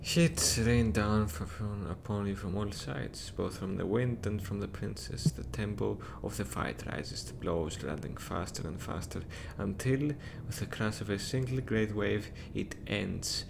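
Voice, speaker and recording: Gravelly man narrating slowly. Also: fairly low pitch, noisy background. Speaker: reader in a group live reading. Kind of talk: dramatic narration read aloud.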